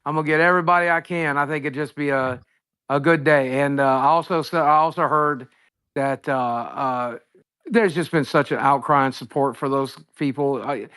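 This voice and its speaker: A man's voice: fairly high pitch, fairly bright tone, smooth, no echo, clean studio sound. A man calling into a livestream, talking in a rambling, blunt, profane way. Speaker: streamer calling in. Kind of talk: casual livestream chat.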